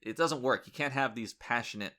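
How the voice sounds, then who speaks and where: A man hosting a casual podcast chat, telling animated stories with crude, irreverent humor. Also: mid-range voice, fairly quick. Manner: animated storyteller, acting out quoted people. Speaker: podcast host.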